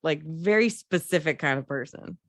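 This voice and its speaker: Animated, swearing young woman. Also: moderate pace, no echo, studio quality. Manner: animated, swears freely, acts out quotes in high voices. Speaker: podcast co-host. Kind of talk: casual movie review chat.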